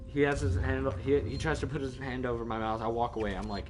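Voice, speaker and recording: A man telling a story in casual chat with friends, animated and swearing, often laughing and acting out people's voices. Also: medium pitch, quick pace, hardly any pauses. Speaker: streamer. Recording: faint background noise.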